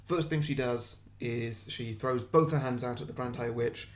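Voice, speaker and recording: A young man co-hosting a podcast, pitching a film sequel in a self-deprecating, giggly way. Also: normal speed. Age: young adult. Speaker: podcast co-host. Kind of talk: comic story pitch.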